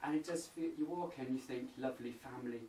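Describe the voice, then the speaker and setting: A man speaks as a medium, feeling his way through impressions with many pauses and fillers. He sounds distant from the mic in an echoey room. Faint noise sits underneath. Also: on the high side. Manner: hesitant, searching, many fillers. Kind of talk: describing psychic impressions on location. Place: indoors at an old inn.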